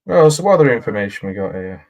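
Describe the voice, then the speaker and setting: A man's voice: on the low side, sing-song, fast, a little mellow. A man giving a casual, jokey film commentary as host, chatting and laughing at the film.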